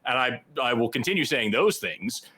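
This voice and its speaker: A man's voice: mid-range voice, animated, sharp tone, slightly rough. A man co-hosting a call-in show, arguing back emphatically and at length. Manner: emphatic, argumentative, quick. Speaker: co-host. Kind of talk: call-in debate.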